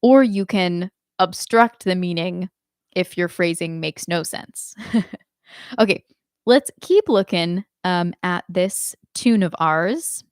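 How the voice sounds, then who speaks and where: A woman teaching a live online singing lesson, explaining slowly and singing short examples. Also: lowish voice, clean tone, no room sound, studio quality.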